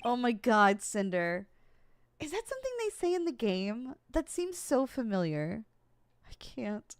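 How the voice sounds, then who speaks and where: A woman's voice: medium pitch, big pitch swings, measured pace, a little hiss or hum. Playful woman streamer with a strained voice. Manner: playful, laughing, self-deprecating. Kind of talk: casual gameplay commentary.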